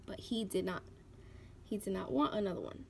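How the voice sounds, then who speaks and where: A young woman vlogging about her life, telling a personal story in an emotional, animated way, full of "like" fillers and acted-out quotes. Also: mid-range voice, normal speed, gravelly, slight background noise.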